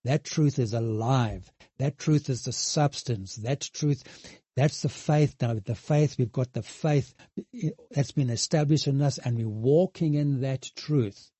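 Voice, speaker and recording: A man preaching a sermon, earnest and halting, with many restarts and emphatic repetition. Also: mid-range voice, mellow, breathy edge, no echo. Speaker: pastor.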